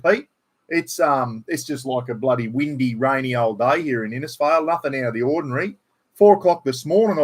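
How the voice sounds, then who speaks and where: A man with an Australian accent chatting casually to viewers on a home livestream, swearing freely and reading out names. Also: on the high side. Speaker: livestream host. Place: at home indoors. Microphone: computer livestream.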